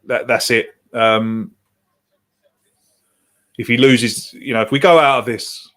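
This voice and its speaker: A man's voice: medium pitch, steady tone, takes it slowly, fairly bright tone. A man hosting a live watch-along of a football match, reacting with frustration and reading out viewer comments. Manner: exasperated, reads viewer comments aloud. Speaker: podcast host streaming a match watch-along.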